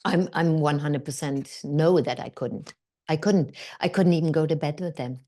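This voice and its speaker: A woman's voice: low-pitched, normal speed. A middle-aged woman, a guest actor and director, chatting in an interview and telling stories with many fillers and restarts, acting out what others said. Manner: animated storyteller, acts out quoted voices, many fillers and restarts. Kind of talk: casual interview conversation.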